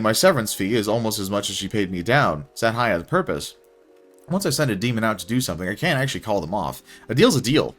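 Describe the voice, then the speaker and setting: Young man, very deep voice, wry casual narration, first-person story reading. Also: fairly bright tone. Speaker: author reading his own story.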